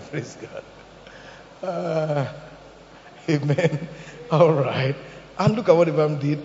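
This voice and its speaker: Animated preaching man in an echoey hall. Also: on the high side, a little hiss or hum. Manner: animated preaching with acted quotes and humor. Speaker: pastor. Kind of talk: sermon. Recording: echoey hall, dull lo-fi sound.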